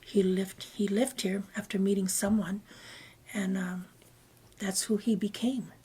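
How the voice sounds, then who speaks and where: A woman guest telling a personal story in conversation, rambling and often dropping into breathy half-whispered asides. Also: medium pitch, fairly even intonation, unhurried, dark tone. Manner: meandering, with many fillers and restarts. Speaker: interview guest.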